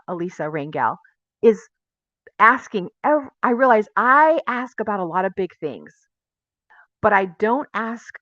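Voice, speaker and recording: A woman's voice: mid-range voice, a bit bright, dry recording, dull audio. Woman giving a chatty sermon. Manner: conversational, confessional, asks the audience questions. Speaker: teacher of a Messianic Bible teaching. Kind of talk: casual sermon teaching.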